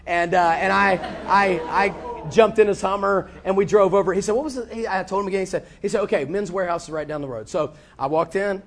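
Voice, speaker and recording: Guy with a high voice preaching, tells a story and acts out the lines, repeats himself a lot. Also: fairly quick, hardly any pauses. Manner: animated, repeats words, acts out dialogue. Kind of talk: sermon storytelling.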